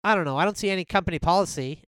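Male comedy host, improv sketch, keen and emphatic, smooth voice, dry close sound. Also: high-pitched, racing, a bit bright, no echo.

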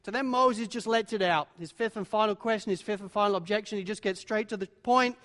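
A man preaching a sermon, acting out the voices of biblical figures, dropping to a hush and then building to loud, dramatic peaks. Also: high-pitched, a little fast. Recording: long hall reverb.

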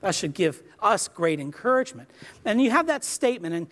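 A man delivers a sermon with earnest emphasis. His pitch rises and falls in a lively way, and he acts out the quoted exchanges he describes. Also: brisk. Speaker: preacher.

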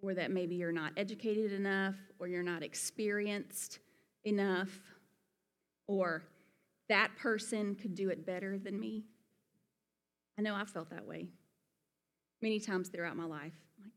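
A woman's voice: mid-range voice, fairly even intonation, unhurried, pauses often. A woman from Alabama with a Southern accent, preaching a sermon in an earnest, conversational way with folksy asides. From Alabama, USA. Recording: long hall reverb.

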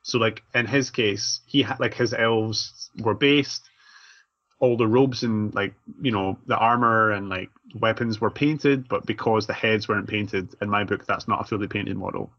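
A man co-hosting a casual podcast chat, relaxed and thinking aloud with lots of fillers. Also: fairly low pitch, normal speed. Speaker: podcast co-host and event organizer. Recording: dull lo-fi audio.

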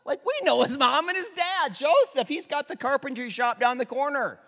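A man's voice: very high-pitched, lively intonation, normal speed, fairly bright tone, in a large hall, pitched above the performer's own voice, full character voice. Man doing a sneering gossipy neighbor. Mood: mocking. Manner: mocking, sneering, exaggerated. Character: scoffing small-town neighbor, gossipy and dismissive.

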